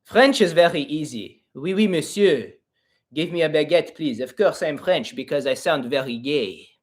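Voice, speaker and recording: A campy, snooty Frenchman, as a man puts him on for laughs. The voice is lifted and a touch louder, and every line lands with exaggerated flair. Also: fairly high pitch, lively intonation, normal speed, lightly acted. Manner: exaggerated, mocking put-on.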